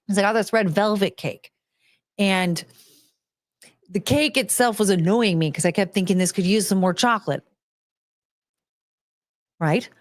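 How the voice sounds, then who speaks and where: American woman streamer, ranting and profane, lively pitch, dry close sound. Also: dry recording. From United States. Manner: ranting, profane, talks to chat. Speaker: streamer host. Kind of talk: casual livestream chat.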